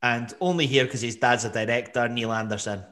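A man hosts a football podcast in a loose, joking way. He talks at a middling pitch and keeps stopping and restarting his sentences. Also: fairly even intonation, fairly quick, a bit bright. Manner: jokey, chatty, many restarts. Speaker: podcast host. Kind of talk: casual podcast chat.

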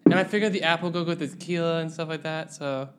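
A man's voice: fairly high pitch, steady tone, fast, clear, resonant tone. A young man hosting a podcast in casual chat, rambling and laughing easily. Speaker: podcast host.

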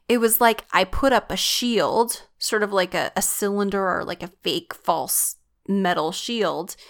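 A woman shares a personal faith testimony in an earnest, reflective way. Her voice carries a steady vocal fry, and her pitch sits in the middle range for a woman.

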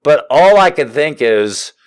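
A male comedian spins a story with an animated voice that leaps around in pitch. He swears freely and mocks himself along the way. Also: measured pace, clear, resonant tone. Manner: animated, profane, self-mocking.

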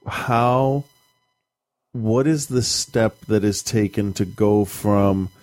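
A man with a fairly low, mellow voice talks in a loose, rambling way. He is a co-host in a casual chat, telling stories with animation and the odd curse word. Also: takes it slowly. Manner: rambling, animated storytelling with profanity. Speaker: podcast co-host, parent.

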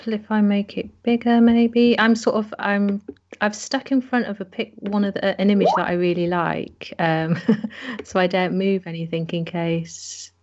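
A woman's voice: medium pitch, steady tone, moderate pace, darkish tone, highs cut off. A woman in a casual podcast chat, speaking hesitantly. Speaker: podcast guest.

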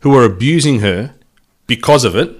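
A man's voice: mid-range voice, animated, moderate pace, breathy edge. A man with an Australian accent co-hosting a casual sports podcast, making his points with emphatic conviction. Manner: emphatic and opinionated. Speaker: podcast co-host.

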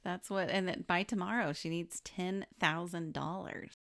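A woman co-hosting a podcast in casual chat, reacting quickly with agreement and laughter. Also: fairly low pitch, steady tone, fairly bright tone. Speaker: podcast co-host.

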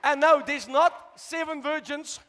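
A man preaching a sermon as pastor, shouting out to the congregation and asking for responses. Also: very high voice, fairly even intonation, a little slow, a faint crowd. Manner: preaching with rising shouts and call-outs to the congregation. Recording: long hall reverb.

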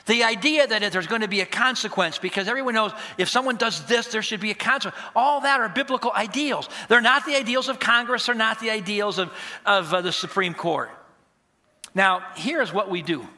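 High, bright-voiced preaching man. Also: fairly quick. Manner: animated, emphatic, acts out dialogues. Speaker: pastor. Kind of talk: sermon.

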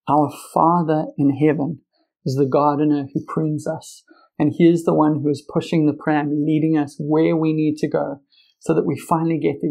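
A man's voice: on the high side, gravelly, warm tone, rough recording. A young man preaching an earnest, conversational sermon with personal stories. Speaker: pastor.

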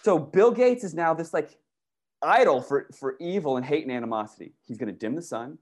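A man talking casually and excitedly, rambling through stories with many restarts, swearing and saying "dude" and "bro". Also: on the high side, brisk. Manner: profane, uses "dude" and "bro". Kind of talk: casual conversation.

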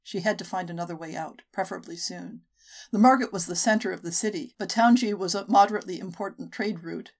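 Woman reading a story out loud for a podcast, steady and even. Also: fairly low pitch, quick pace. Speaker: podcast narrator. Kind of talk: audiobook narration.

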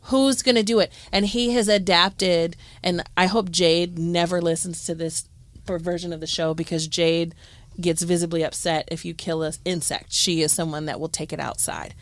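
Woman podcast co-host with a low voice; animated, exasperated storyteller, dry sound. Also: normal speed, dry recording. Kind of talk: casual chat.

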